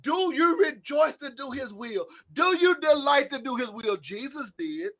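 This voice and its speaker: Man preaching, very high-pitched, loud emphatic delivery with sudden quiet drops. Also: expressive, unhurried. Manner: shouting emphatic lines, swinging between loud and hushed; calls out to listeners by name. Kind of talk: sermon.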